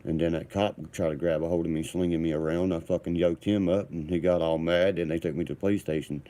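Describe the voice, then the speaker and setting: Low, dark-voiced man ranting. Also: fairly even intonation, fast talker. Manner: profane, rambling, combative. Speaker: vlogger. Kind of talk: heated rambling storytelling.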